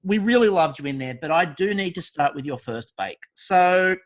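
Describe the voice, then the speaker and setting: Host: playful Australian man, fairly high and lively voice. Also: normal speed. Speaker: podcast host. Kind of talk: casual podcast chat.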